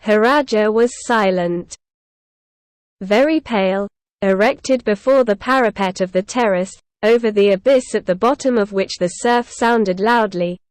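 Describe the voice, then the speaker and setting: Woman narrator, measured storybook reading, smooth clear voice, dry close sound. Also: medium pitch, a little mellow, dry recording. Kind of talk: scripted narration of a novel for English learners.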